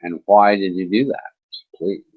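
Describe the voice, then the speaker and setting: A man's voice: low voice, unhurried, breathy edge, phone-quality sound. A man hosting an internet talk show, chatting in a casual, rambling way with mocking sarcasm and swearing.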